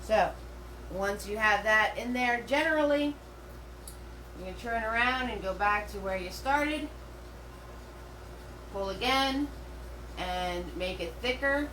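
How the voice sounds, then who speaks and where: A middle-aged woman talks a class through a painting, chatty and rambling, stopping for fillers and restarts. Her voice sits at a middle pitch and carries the echo of an indoor room, picked up from away from the mic. A faint hum runs underneath. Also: lively intonation, slow pace, long pauses, a bit bright, recorded from a distance. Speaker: painting instructor. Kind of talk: live step-by-step painting class.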